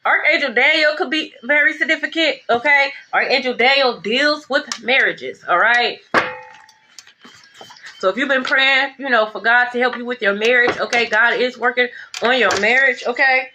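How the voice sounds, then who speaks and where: A woman's voice: fairly high pitch, normal speed, pushed and bright, slight background noise. A woman giving a blunt, profane, sassy tarot reading in a casual rant. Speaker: tarot reader.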